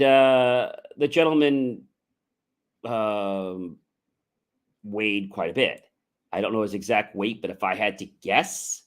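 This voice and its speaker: A middle-aged man hosting a podcast, giving an earnest, conversational motivational talk with frequent fillers and loud emphatic rises. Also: lowish voice. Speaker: entrepreneur podcast host.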